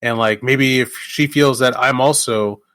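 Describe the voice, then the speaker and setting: A man co-hosting a podcast, talking loosely about films with many fillers, swearing and excited outbursts. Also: mid-range voice, a little slow, dry recording. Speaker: podcast co-host. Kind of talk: casual chat about a film.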